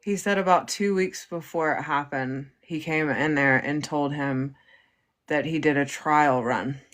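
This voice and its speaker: A woman hosting a livestream, calmly paraphrasing and explaining what her guest says. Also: deep voice, measured pace. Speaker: livestream host. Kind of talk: relaying and explaining a guest's words.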